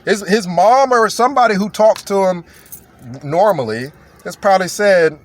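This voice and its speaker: A man's voice: sits high, moderate pace. A man talking in a blunt, mocking, emphatic way as a commentator, in a casual rant.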